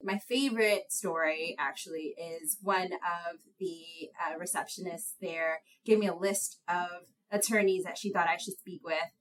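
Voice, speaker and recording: As an interview guest, this young attorney speaks in a voice a little low for a woman, though she describes it as high and light. She tells stories animatedly and unhurriedly, with few pauses, poking fun at herself and laughing along, over a rough recording.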